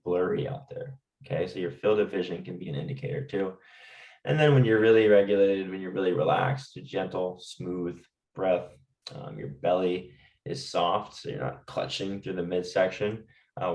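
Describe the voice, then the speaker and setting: A man calmly teaching stress management and guiding listeners through breathing exercises, often checking in with "right?". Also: sits low, echoey room, distant mic, low-quality recording. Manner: calm, talks directly to listeners with fillers and "right?". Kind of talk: guided lesson with breathing exercises.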